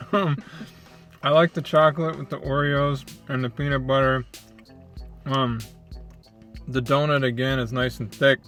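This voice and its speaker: A man from Michigan hosting a casual food review, talking in a relaxed, thoughtful way with plenty of ums. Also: medium pitch, moderate pace, pauses often, faint music behind. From Flint, Michigan.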